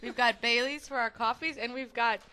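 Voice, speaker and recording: A woman hosting a casual studio chat show, upbeat and brisk, quick to laugh. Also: on the high side, steady tone, sharp tone, slight background noise. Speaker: show host and magazine editor-in-chief.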